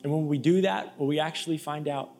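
A male pastor from Florida preaching an energetic, emphatic sermon to a live church audience, with storytelling asides. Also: fairly high pitch, quick pace, vocal fry, faint music behind. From Florida, USA.

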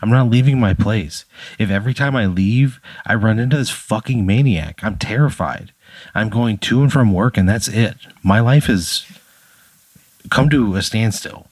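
A man's voice: on the low side, moderate pace, husky, no echo. A man as podcast co-host, reacting in exasperated, swearing banter. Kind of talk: comedic banter.

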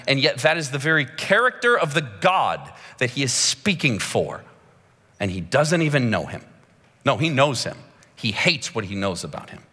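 Long reverb from the big church hall trails each word as a preacher delivers his sermon. His pace is slow and his emphasis heavy and dramatic, with his pitch soaring upward as his excitement builds.

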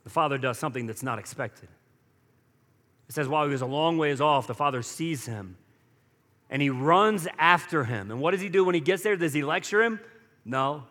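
A man's voice: fairly high pitch, normal speed, a bit bright, big-room sound. A man preaching a sermon as pastor, talking conversationally and acting out quoted lines with rising energy.

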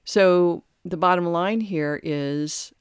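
Smooth, thoughtful spiritual podcast host. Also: mid-range voice, no room sound, studio quality. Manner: thoughtful, halting, with frequent restarts. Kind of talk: reflective spiritual talk.

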